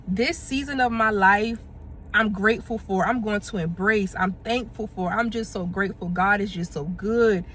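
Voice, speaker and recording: Here her voice sits at medium pitch, a bit bright, at a moderate pace, with a little hiss or hum on the recording. Still in her 20s and out running errands between car and stores, she chats heartfelt to camera, drifting into song and praise.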